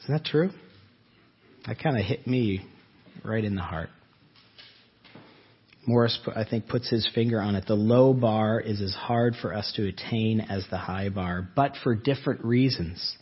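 A man's voice: lowish voice, unhurried, long pauses, breathy edge. A man preaching a sermon in a conversational way, often asking his listeners rhetorical questions. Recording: dull lo-fi recording.

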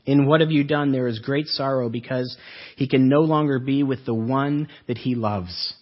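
A man preaching a sermon as a pastor, earnest, asking the listeners rhetorical questions and slowing down for emphasis. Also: mid-range voice, muffled recording.

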